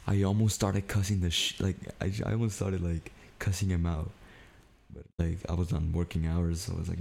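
A young man co-hosting a podcast, telling a work story in animated casual chat, swearing freely. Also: low-pitched, a little fast, creaky. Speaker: podcast co-host.

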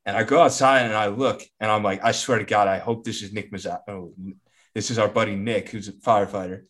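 A man's voice: on the low side, steady tone, brisk, fairly bright tone. A young man co-hosting a podcast, telling a story in casual, profane chat. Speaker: podcast co-host.

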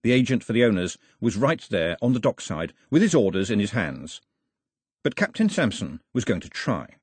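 A male audiobook narrator reads with an expressive, storytelling manner. His voice is husky and his pitch moves freely, rising and falling through the sentences. The recording is close and dry, with no room sound. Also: normal speed, no echo.

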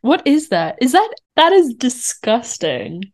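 A young woman co-hosting a casual podcast, chatty and quick to laugh. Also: high voice, big pitch swings, darkish tone. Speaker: podcast co-host. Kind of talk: casual chat.

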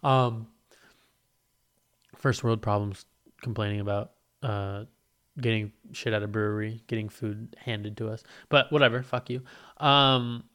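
A man's voice: on the low side, fairly even intonation, moderate pace, fairly bright tone, smooth. Profane, ranting young man telling a story. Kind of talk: casual storytime rant.

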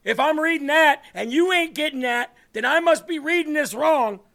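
High-pitched ranting American show host. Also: male voice, moderate pace, gravelly. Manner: animated, preachy ranting with mock taunting asides. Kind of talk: live political commentary show.

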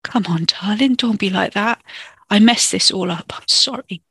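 A man's voice: high voice, normal speed, pushed and bright, husky, no room sound, heavily acted. The narrator voicing a grieving young man who pleads with a breaking voice, then turns to snarling. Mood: pleading.

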